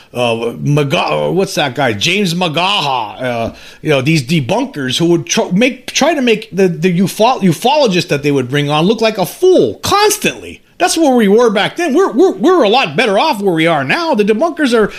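A man in his fifties casually commenting on an article he reads aloud, stumbling and restarting, his voice climbing when he gets worked up. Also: a little high. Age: 50s. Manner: halting, many restarts, rising when indignant. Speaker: UFO commentary channel host.

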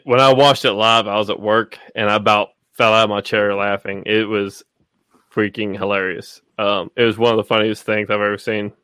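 A man's voice: on the low side, a bit bright, smooth, dry recording, studio quality. A man hosting a casual podcast chat, rambling with lots of fillers and swearing. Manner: rambling, profane, full of fillers. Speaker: podcast host.

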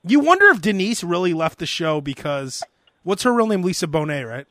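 A man hosting a podcast, telling animated comic stories in casual chat. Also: sits high, fairly quick. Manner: animated storytelling, mimics voices. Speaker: podcast host.

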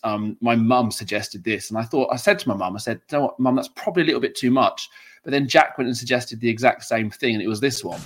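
A man from England hosting a football podcast, chatting casually with restarts and laughs. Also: lowish voice. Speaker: podcast host.

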